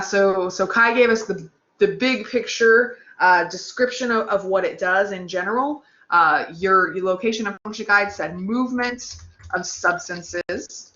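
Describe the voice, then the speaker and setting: An upbeat woman teaches an online anatomy lab and talks directly to her students. Her voice is bright and forward. It is recorded in an echoey room with a somewhat dull sound. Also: mid-range voice. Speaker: anatomy instructor. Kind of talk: live online lab lesson. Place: online class with text chat.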